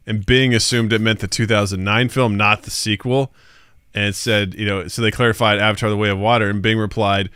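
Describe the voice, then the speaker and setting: A man's voice: fairly low pitch, steady tone, brisk, a bit bright, clear, resonant tone, no echo, studio quality. A man co-hosting a casual podcast, animatedly retelling an exchange with a chatbot. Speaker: podcast co-host. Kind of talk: casual chat.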